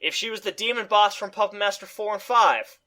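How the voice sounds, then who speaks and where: A man co-hosting a casual movie review chat, ranting in a profane, animated way. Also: high-pitched, fairly quick.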